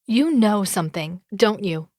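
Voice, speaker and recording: A woman's voice: a little high, unhurried, no room sound, clean studio sound, lightly acted. A woman voicing a fierce young heroine, accusing. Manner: accusing, demanding.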